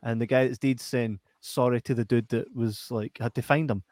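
A man's voice: mid-range voice, fairly even intonation, normal speed, a little mellow, no room sound. A man with a Scottish accent hosting a casual live stream, reading out chat messages with lots of laughter and banter. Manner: banters, laughs often, swears.

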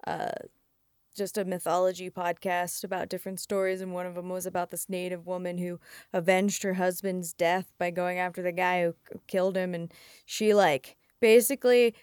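A woman's voice: fairly low pitch, flat delivery, normal speed, a little mellow, smooth, dry recording, clean studio sound. A woman co-hosting a podcast, chatting casually and making teasing jokes. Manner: joking, teasing. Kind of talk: casual chat.

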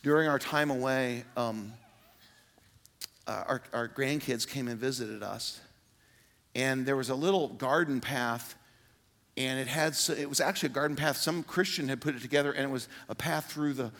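A man's voice: medium pitch, normal speed, a bit bright. An older man preaching a sermon as pastor, earnest and pleading, with sudden emphatic outbursts.

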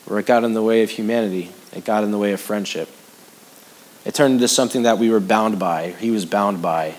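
A man preaching a sermon in a conversational way, repeating phrases for emphasis and moving between raised, urgent lines and hushed, low ones. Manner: conversational preaching with sudden rises and hushed drops. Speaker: pastor.

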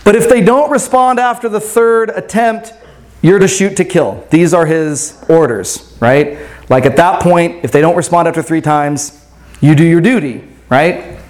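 A man's voice: fairly high pitch, a little slow. A pastor telling a story to his congregation in a casual sermon, often checking in with "right?".

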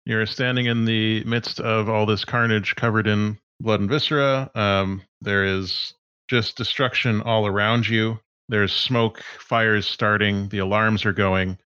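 A man acting as game master, explaining rules and narrating the scene with relaxed, halting pauses. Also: fairly low pitch, clean tone, no echo, lo-fi sound.

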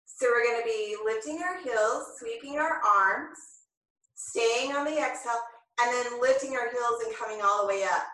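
A woman teaching a yoga class, calmly and slowly cueing each breath and movement. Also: fairly high pitch. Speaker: yoga instructor. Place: home room, filmed on own camera. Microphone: camera mic at a distance. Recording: very echoey room, voice far from the mic.

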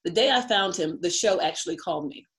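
A woman's voice: on the low side, animated, fast talker, a bit bright. A middle-aged woman from the United States, an interview guest telling a personal story, chatty and laughing often.

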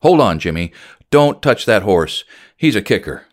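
A man reading the part of a calm, firm older blacksmith who gives steady commands. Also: fairly low pitch, normal speed.

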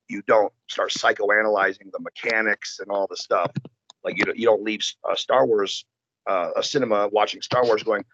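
A man in casual conversation, telling stories in an animated, profane way. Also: on the low side, moderate pace, slight background noise. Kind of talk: casual chat. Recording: dull lo-fi sound.

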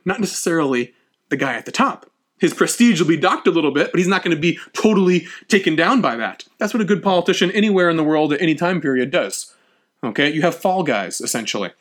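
A man with a high-pitched voice lecturing on history. He talks animatedly, slips into acted-out quotes, and often stumbles and restarts mid-phrase. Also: sing-song, a little fast, a bit bright.

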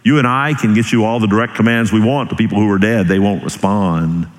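A male pastor preaching with great animation, leaping up high for emphasis and then dropping low and slow. His voice rings out with a long hall reverb, as in a church sanctuary. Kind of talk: sermon.

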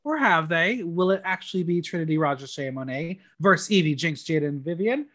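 Animated podcast host recapping an episode. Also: medium pitch, fairly quick. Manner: animated, playful recap narration. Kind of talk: recapping a TV episode, casual chat.

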